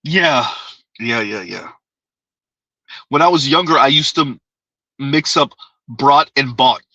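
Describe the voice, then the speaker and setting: Chatty, bright-voiced man on a livestream. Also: mid-range voice, takes it slowly, no echo, lo-fi sound. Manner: rambling, repeats himself, laughs often. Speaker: livestream host. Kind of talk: casual live chat reading comments.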